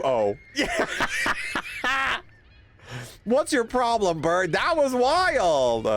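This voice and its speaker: A young man streaming a horror game, swearing, yelping and laughing loudly whenever something startles him. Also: a little high, slight background noise. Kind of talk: live horror game playthrough.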